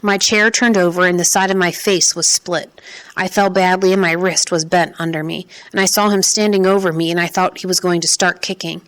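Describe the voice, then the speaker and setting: Woman narrator, audiobook read, slightly low, measured pace. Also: steady tone, a bit bright. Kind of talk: first-person scripted narration.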